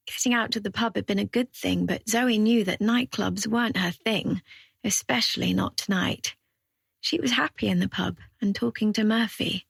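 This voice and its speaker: A woman narrating an audiobook thriller in an even, measured reading. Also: medium pitch, vocal fry, breathy edge, no room sound, studio quality. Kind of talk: scripted narration.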